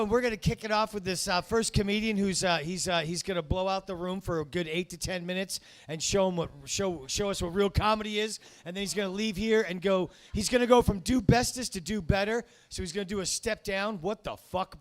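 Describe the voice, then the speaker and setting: A man with a high-pitched voice emcees a comedy club show, talking a little fast with hardly any pauses. He wanders from joke to joke, often breaking off his own sentences mid-thought.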